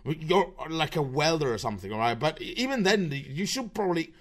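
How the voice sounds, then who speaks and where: A man with a somewhat raised pitch rants through an online commentary segment. He talks in a rambling, swearing, mocking way, stumbling over restarts as he goes. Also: sing-song, brisk. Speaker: show host.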